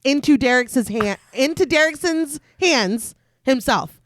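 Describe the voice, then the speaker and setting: A woman's voice: sits high, lively intonation, unhurried, no echo, clean studio sound. A woman co-hosting a horror podcast, retelling the plot of a film in detail between her own casual comments. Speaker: podcast co-host. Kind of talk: casual chat and film recap narration.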